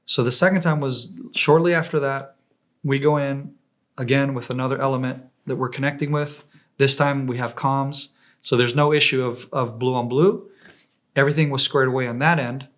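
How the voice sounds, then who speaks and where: A man from Israel casually telling combat stories as an interview guest, animated and acting out the voices of the people he quotes. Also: medium pitch, normal speed. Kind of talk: casual war storytelling.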